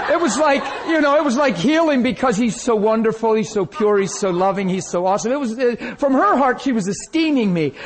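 A male preacher telling a personal testimony in a sermon, animated storytelling that acts out the scenes. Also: high voice. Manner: animated storytelling, acting out his own crying.

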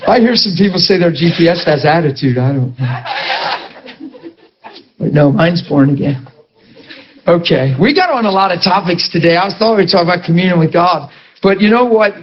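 A middle-aged pastor preaches in a chatty, animated way, mixing humorous stories with rhetorical questions to his listeners. His voice sits high for a man. The recording sounds dull and lo-fi.

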